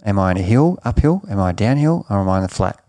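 A man's voice: on the low side, big pitch swings, fast talker, mellow, dry recording. A middle-aged man giving emphatic coaching advice in an interview, often repeating and restarting his words. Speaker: triathlon coach.

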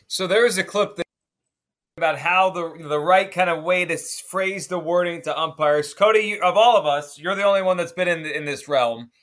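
A man's voice: high voice, normal speed, fairly bright tone. A man co-hosting a casual chat, setting up topics and asking questions. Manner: asks questions, sets up topics. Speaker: podcast co-host.

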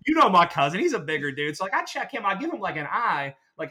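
Man, casual podcast chat, rapid delivery, forceful bright tone, animated rambling storyteller. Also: fairly high pitch, husky.

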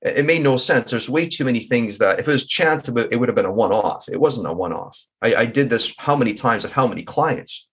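A man's voice: mid-range voice, lively intonation, a little fast, hardly any pauses, fairly bright tone, breathy edge. A middle-aged man telling his personal story in an interview, reflective and candid, with an occasional stammer. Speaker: guest.

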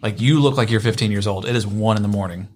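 A man's voice: on the low side, fast talker, a little mellow. A man in casual chat, speaking loosely with some swearing.

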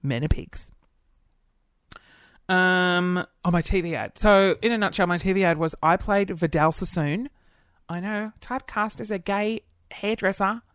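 A man's voice: high voice, a bit bright, smooth, no echo. Camp chatty young man, dry close mic. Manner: camp, chatty and flamboyant, quick asides. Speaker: podcast host. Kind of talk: casual solo podcast chat.

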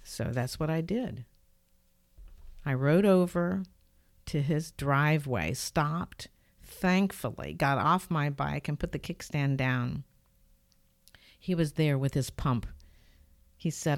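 In her home studio, an older podcast host recounts something personal in a low, slow voice, earnest and thoughtful yet animated whenever she relives events. The recording, made on a studio microphone, is dry.

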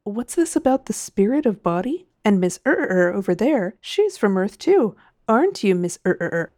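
A woman's voice: medium pitch, big pitch swings, normal speed, a little mellow, no room sound, clean studio sound, lightly acted. A woman voicing a weary male spaceship captain who stammers out puzzled questions in a storybook reading. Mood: baffled.

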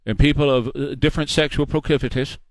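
A man's voice: medium pitch, fairly even intonation, fast, no echo. A man hosting a talk radio show in a studio, emphatic, ranting and sarcastic.

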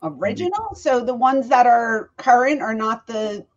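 A fairly high, lively woman chats as a podcast co-host, laughing easily and letting sentences trail off. Her voice comes through a dull, lo-fi recording. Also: a little slow. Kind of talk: casual chat.

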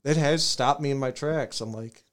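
A man's voice: mid-range voice, moderate pace, smooth. Profane, rambling male podcast host. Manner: loose, profane storytelling with frequent "like". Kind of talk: casual crude podcast banter.

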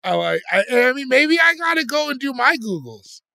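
A comedian co-host in a casual podcast chat, pushing back with jokey skepticism. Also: male voice, very high-pitched, big pitch swings, normal speed, creaky, bright, forceful tone, dry recording, studio quality.

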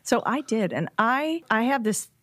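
A woman guest in a casual chat, telling a personal story in an animated way with frequent laughs. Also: a little high, measured pace, no room sound, clean studio sound. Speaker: podcast guest.

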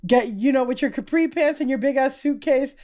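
A woman from Miami, a guest comedian on a chat podcast, telling stories in a brash, animated way with plenty of swearing. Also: high voice, fairly quick. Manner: brash, animated storytelling with profanity.

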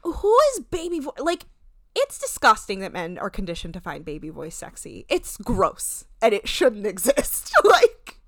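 Young woman, New Jersey accent, bright and forceful tone, lively pitch, opinionated podcast chatter. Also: no room sound, studio quality. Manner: animated, opinionated, quick asides and laughs. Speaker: podcast co-host. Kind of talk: casual chat.

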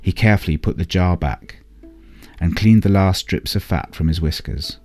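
A man reads a bedtime story aloud in a calm, unhurried way. His voice sits very low, and faint instrumental music runs underneath.

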